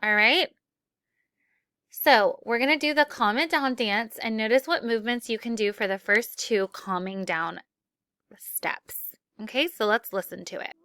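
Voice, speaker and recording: A woman's voice: on the high side, unhurried, pushed and bright, smooth, dry recording, clean studio sound. A woman teacher leading a classroom lesson for children, upbeat and acting out example phrases.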